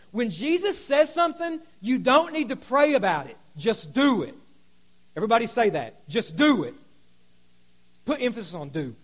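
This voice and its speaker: Fired-up high-voiced male pastor. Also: rough recording. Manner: exhorting, call-and-response with congregation; swings from loud fired-up bursts to low intimate talk. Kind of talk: sermon. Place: rented hall before a congregation.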